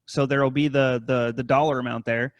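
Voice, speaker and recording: A man's voice: flat delivery, brisk, dry recording, dull audio. A man co-hosting a podcast, rambling through a story in casual talk full of profanity. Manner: rambling, heavy swearing, mimics scammers in high voices. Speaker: podcast co-host.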